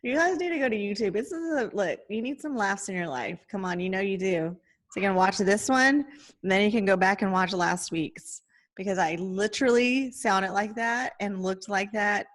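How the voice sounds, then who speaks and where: A woman's voice: mid-range voice, moderate pace. A middle-aged woman co-hosting a podcast in casual chat, laughing often and making puns. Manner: giggly, punny, chatty. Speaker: podcast co-host.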